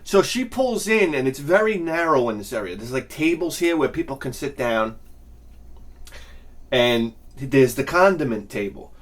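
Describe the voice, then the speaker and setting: Animated ranting man, lively pitch. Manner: animated, profane, swings between mutters and shouts. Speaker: video host. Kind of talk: ranting comedic monologue.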